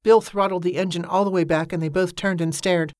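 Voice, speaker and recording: A woman narrating an audiobook in a steady, measured storytelling voice. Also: lowish voice, dry recording, clean studio sound.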